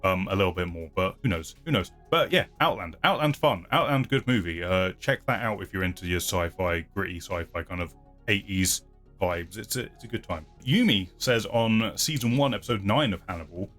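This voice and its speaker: Reading viewer comments on his channel, the host rambles and hedges in a casual way, frequently chuckling at his own expense. He has a low-pitched, expressive, slightly bright voice at a moderate pace, with soft music playing behind him.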